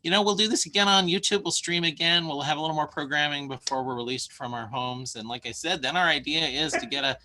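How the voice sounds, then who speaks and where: A man's voice: on the high side, fast talker, few pauses, bright, forceful tone. Rambling man hosting a stream chat. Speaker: host of a live stream chat. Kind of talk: casual chat.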